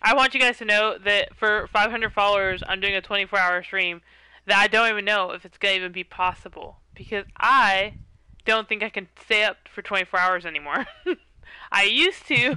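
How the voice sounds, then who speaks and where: A woman live streaming, chatting casually and laughing a lot as she talks loudly into her headset. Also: mid-range voice, normal speed, smooth, dry recording, poor audio. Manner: giggly, chatty, says she talks loud. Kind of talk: casual gaming stream chat.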